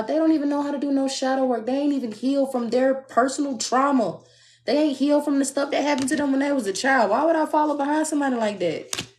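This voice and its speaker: A young woman giving a live tarot reading in a blunt, sassy, preachy way, mimicking people in a high voice. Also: a little mellow. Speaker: tarot reader.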